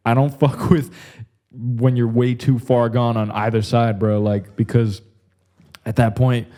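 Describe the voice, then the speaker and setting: A young man rambles through a podcast monologue, swearing freely and leaning on "like" and "bro." His voice sits warm and mellow rather than bright. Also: medium pitch, level tone, a little slow. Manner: rambling, crude, says "like" and "bro" constantly. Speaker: podcast host. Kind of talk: casual comedic monologue.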